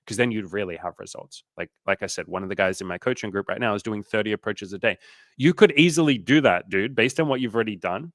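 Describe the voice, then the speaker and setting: A man hosting a casual livestream as a dating coach, giving an energetic, profane pep talk. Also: lowish voice, fast talker, no room sound, studio quality.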